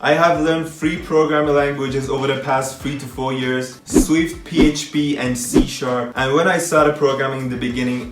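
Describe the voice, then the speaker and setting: Young male tech vlogger, casual and jokey, plays out mini skits; echoey room, soft music bed. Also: mid-range voice, steady tone, normal speed, few pauses. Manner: playful, self-mocking, acts out little skits. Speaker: programming tutorial YouTuber. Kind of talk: casual humorous vlog talk.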